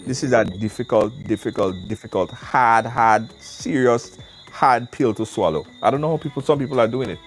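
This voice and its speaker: A Caribbean man hosts a live call-in show from a windy outdoor spot, with faint music in the background. His voice is medium-pitched and moves at a normal speed. He talks casually and animatedly, hammering points home by repeating words.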